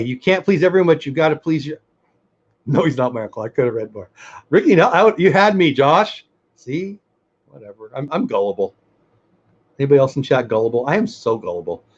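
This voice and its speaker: A man's voice: a little high, animated, brisk, slightly rough, highs cut off. A middle-aged man co-hosting a casual livestream chat, earnest and rambling as he reads the chat aloud. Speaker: podcast co-host.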